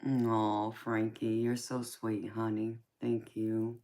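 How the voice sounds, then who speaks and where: A woman's voice: a bass voice, flat delivery, takes it slowly, mellow. A woman with a Southern American accent chatting casually with viewers on a live stream, affectionately calling them honey and sweetheart and laughing often. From California, raised in Georgia. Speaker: tarot reader and live stream host.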